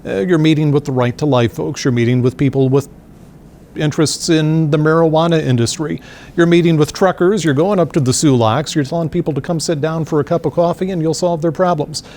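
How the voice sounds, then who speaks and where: A man's voice: on the high side, brisk, a little mellow. A man interviewing a guest in a conversational, friendly way. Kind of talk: interview questions. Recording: faint background noise.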